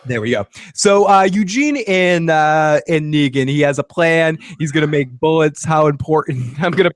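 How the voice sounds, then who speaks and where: A man's voice: fairly high pitch, normal speed, dry recording, studio quality. A man hosting a casual live stream, laughing often and reading out viewer comments. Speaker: podcast host.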